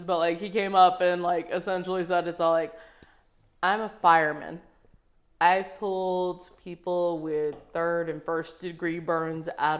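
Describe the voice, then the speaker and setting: A woman, a comedian hosting a podcast, telling wry stories and quoting the people in them. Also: fairly low pitch. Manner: storytelling, quotes people, wry. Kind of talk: casual podcast chat.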